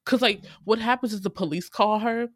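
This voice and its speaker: A woman in casual chat, telling a drama's plot with lots of "like" and acting out the quotes with big jumps in pitch. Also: fairly quick, no room sound, studio quality.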